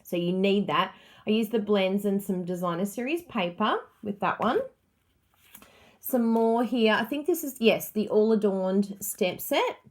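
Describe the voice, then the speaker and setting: A woman's voice: medium pitch, a little mellow. A woman hosting a crafting livestream, chatting casually and gushing with enthusiasm over her supplies.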